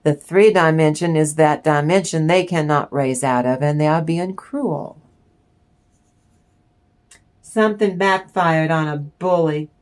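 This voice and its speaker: A woman's voice: sits low, a little mellow. A woman giving a channeled tarot reading in a blunt, emphatic way, with swearing. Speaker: tarot reader.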